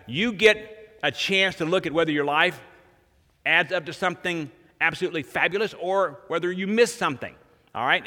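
Male pastor, sermon delivery, bright ringing tone, repeats lines for emphasis, long hall reverb. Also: fairly high pitch. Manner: animated storytelling preacher, repeats phrases for emphasis.

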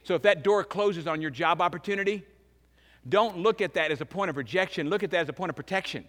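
Bright-voiced preacher in an echoing hall. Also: male voice, high-pitched, fast talker. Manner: emphatic preaching, swings between loud and hushed. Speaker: pastor. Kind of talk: sermon. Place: church sanctuary. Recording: long reverb of a large church hall.

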